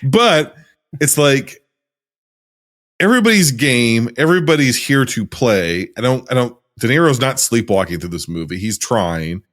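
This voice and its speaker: Animated man reviewing movies. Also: medium pitch, unhurried. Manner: animated, acts out quotes, laughs often. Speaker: podcast co-host. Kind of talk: casual movie review chat.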